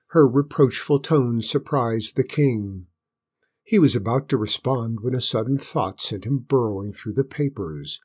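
A man calmly narrating a fairy tale aloud. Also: mid-range voice, a little slow, slightly rough. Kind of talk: storybook narration.

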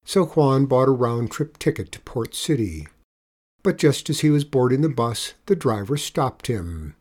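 A man reads a children's storybook aloud, gentle and measured, at a middling pitch. His delivery is even and unhurried. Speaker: narrator. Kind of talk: storybook reading.

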